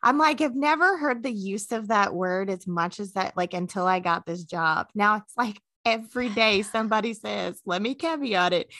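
Bright, animated woman podcast host. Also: medium pitch, normal speed, few pauses, dry recording. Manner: animated and chatty, laughs often, swears, mimics others' speech. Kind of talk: casual chat.

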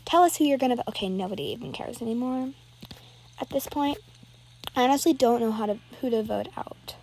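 A woman's voice: a little high, brisk, a little mellow, breathy edge. A woman giving live, rambling commentary while playing an online game, nervously narrating every move aloud.

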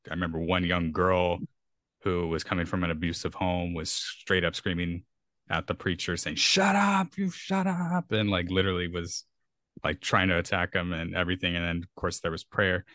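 Earnest deep-voiced man, rambling podcast talk. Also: little pitch movement, moderate pace, fairly bright tone, dry recording, studio quality. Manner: earnest, rambling with frequent restarts. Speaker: podcast co-host. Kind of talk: casual conversational discussion.

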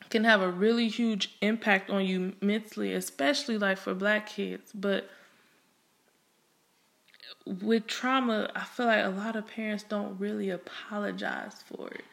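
A woman's voice: mid-range voice, a bit bright. Candid, emphatic young woman. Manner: frank and emphatic, with heavy cursing; conversational, many fillers and restarts. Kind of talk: candid personal monologue.

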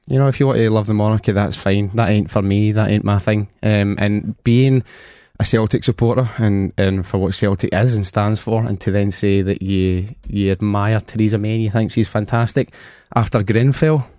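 A man's voice: on the low side, steady tone, moderate pace, hardly any pauses, mellow, clean tone, no echo, studio quality. A man with a Scottish accent, a podcast guest in casual chat, telling blunt, sweary stories.

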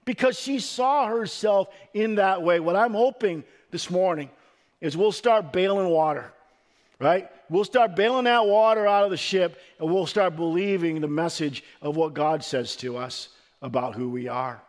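A man giving a sermon as pastor, earnest and emphatic, his delivery swelling and then dropping low, with the odd stumbling restart. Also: lively intonation, normal speed.

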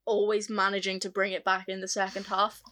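A woman's voice: mid-range voice, completely flat delivery, brisk, pushed and bright. A young Welsh woman co-hosting a podcast, teasing and laughing in casual chat. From Wales. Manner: playful, teasing, laughs often. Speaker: podcast co-host.

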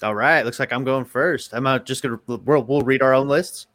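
A man's voice: medium pitch, normal speed, fairly bright tone, no room sound, clean studio sound. A man co-hosting a casual sneaker podcast, laid-back and joking as he reads his list. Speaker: podcast co-host.

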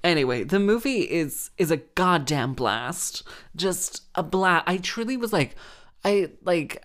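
A woman hosting a podcast, rambling and gushing in a casual monologue full of fillers and sarcastic self-mockery. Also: low voice.

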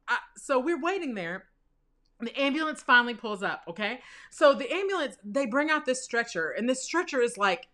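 A young woman telling a personal story with laughs, acting out the voices of the people in it. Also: fairly high pitch. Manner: animated, laughs through the telling; acts out quoted voices in her story.

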